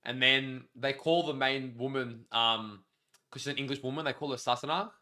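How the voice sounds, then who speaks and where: A man's voice: mid-range voice, steady tone, normal speed, bright, forceful tone. A young man co-hosting a live stream, chatting casually, joking and reading out comments. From Australia. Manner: joking, banters and reads out chat.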